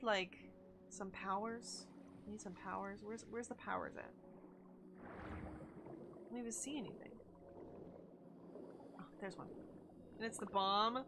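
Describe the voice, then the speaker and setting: A woman's voice: a little high, a bit bright, a little hiss or hum. A young woman chatting casually and gushing while she streams a video game, with lots of likes and oh my gods. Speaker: gaming streamer. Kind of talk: casual live-stream chat while playing.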